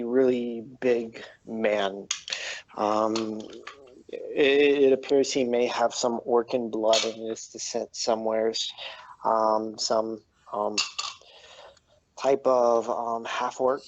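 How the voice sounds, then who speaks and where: A man narrates a tabletop role-playing game as game master, slowly and haltingly, with frequent ums. The recording sounds dull and lo-fi. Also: on the low side, creaky.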